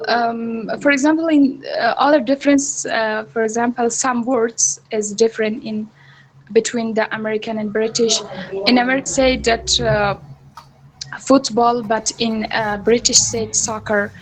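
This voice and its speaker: A woman student answering in an online class, speaking haltingly with many fillers over a video call. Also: fairly high pitch, steady tone, low-quality recording.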